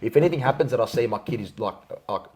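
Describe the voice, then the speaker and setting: A young man co-hosting a podcast, telling stories in an animated casual way full of slang. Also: medium pitch, a little hiss or hum. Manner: animated, fast storyteller using "like" and "bro". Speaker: podcast co-host. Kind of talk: casual storytelling chat.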